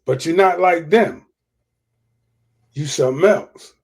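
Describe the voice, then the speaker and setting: A man's voice: a little high, slow pace, creaky, a little mellow. A man hosting a livestream of casual political commentary, profane and repeating his points for emphasis. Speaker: livestream host.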